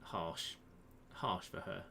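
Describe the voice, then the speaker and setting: A man's voice: slow pace, bright, forceful tone. Chatty male quiz host, self-mocking, greeting viewers from home over a webcam with faint background noise. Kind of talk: casual live-stream chat. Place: home room, indoors. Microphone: webcam close to the face.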